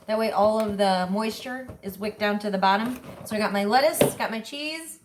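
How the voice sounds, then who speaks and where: A woman's voice: medium pitch, normal speed. A woman hosting a casual home cooking demonstration, chatty and enthusiastic, asking herself questions and then answering them. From Italian family background. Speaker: cooking show host. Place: home kitchen. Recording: echoey kitchen with faint noise.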